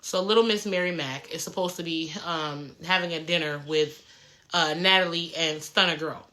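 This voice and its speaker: A woman with a bright, forward voice rants casually about reality TV. She is blunt and sassy, and she swears freely as she calls people out. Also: deep voice, normal speed, low-quality recording. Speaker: reality TV commentator. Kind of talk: casual reaction commentary.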